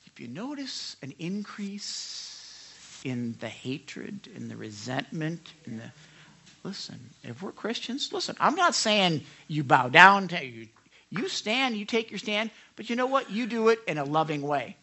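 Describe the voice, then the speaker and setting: Animated, forceful male pastor. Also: high-pitched, unhurried, creaky, slightly rough. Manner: animated, talks straight to listeners with frequent "right?" asides; fervent, earnest preaching with repeated words. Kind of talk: conversational sermon.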